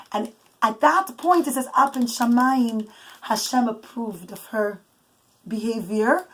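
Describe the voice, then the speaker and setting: High-voiced woman telling a bedtime story. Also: slightly rough, low-quality recording. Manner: warm storytelling with puppets, pausing to settle children.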